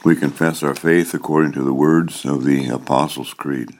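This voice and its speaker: Man, pastor, very deep low voice, solemn measured liturgy. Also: fairly even intonation, a little mellow. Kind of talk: liturgical service leading.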